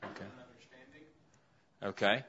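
Taking things slowly, a man with a pushed, bright voice teaches a Bible lesson, asking questions and writing a list on the board. There's a little hiss or hum, and the classroom recording overall is dull and lo-fi.

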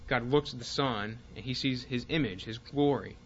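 A man teaching a Bible class, speaking haltingly with fillers and restarts and reading passages aloud with more force. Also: mid-range voice, dull audio, a little hiss or hum.

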